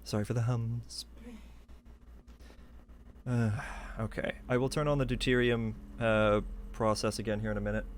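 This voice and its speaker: A man's voice: medium pitch, little pitch movement, moderate pace, pauses often, slight background noise. Eager, chatty male game streamer. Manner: chatty, eager, thinks aloud while building. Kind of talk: live gameplay commentary. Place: hot room at home.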